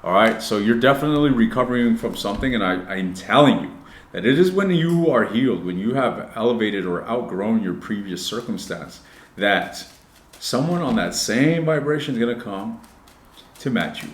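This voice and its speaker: A man's voice: mid-range voice, animated, normal speed. A man giving a casual tarot reading to camera, blunt and profane, talking straight to his viewers and moving between joking asides and earnest advice. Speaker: tarot reader. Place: indoor room. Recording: roomy echoey room.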